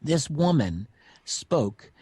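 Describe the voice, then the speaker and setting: A middle-aged man on a radio interview, telling a witness's strange story in a relaxed way with many fillers. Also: fairly high pitch, very slow, slightly rough, no echo. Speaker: guest researcher.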